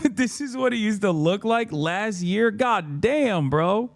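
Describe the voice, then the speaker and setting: A man's voice: high-pitched, expressive, takes it slowly, creaky, no room sound. A man streaming his reactions to clips, mocking and heated, swearing often and laughing at what he watches. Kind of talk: profane reaction commentary.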